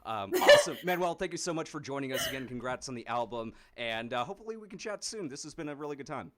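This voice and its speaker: A man's voice: mid-range voice, animated, fast talker, fairly bright tone. Easygoing male livestream host. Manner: laid-back, joking, laughs often, many fillers. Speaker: show host. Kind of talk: casual livestream interview chat.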